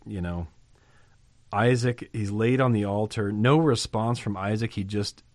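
A man's voice: on the low side, brisk, a little mellow, no room sound. A man preaching a sermon, reading scripture aloud and commenting on it in a conversational way. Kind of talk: sermon on a Bible passage.

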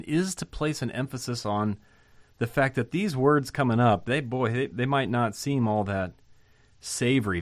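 A man's voice: mid-range voice, dry recording, clean studio sound. A man giving an informal Bible lesson, thinking aloud with fillers and restarts and rising to emphasize key points. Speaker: Bible teacher.

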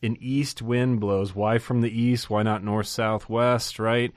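A man hosting a podcast as a theology professor, teaching scripture in a lively, conversational way. He asks rhetorical questions and answers them, and he repeats words for emphasis. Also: mid-range voice, takes it slowly, dry recording, studio quality.

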